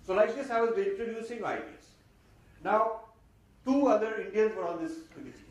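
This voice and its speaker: A man giving a lively, sardonic talk to an audience, slipping Hindi phrases into his English. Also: sits high, normal speed, dull audio. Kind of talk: lecture to an audience. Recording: very echoey hall, mic far off, faint noise.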